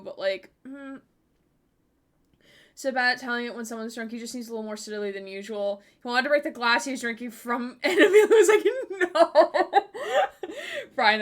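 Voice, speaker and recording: A young woman with a bright, forceful voice that sits high is streaming a game live. She chats casually, using lots of filler words and breaking into giggles and squeals.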